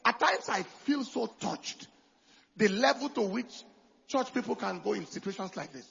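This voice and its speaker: Preacher guy with a high husky voice, goes quiet then loud, calls for amens, muffled lo-fi sound. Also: lively intonation, moderate pace. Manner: preaching with call-and-response, swinging from quiet to loud. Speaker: pastor. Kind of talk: sermon.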